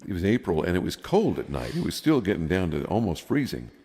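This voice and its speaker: A man in his fifties with a low, dark, husky voice shows huge pitch swings and talks a little fast, sounding as if he's in a large hall. The podcast co-host tells a long, rambling story in casual chat, laughing often as he goes.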